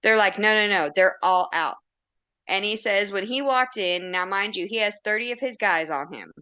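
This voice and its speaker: A woman's voice: medium pitch, moderate pace, sharp tone, clean tone. A woman in her forties, a podcast guest telling a story in casual chat, blunt and candid, acting out quotes and laughing often.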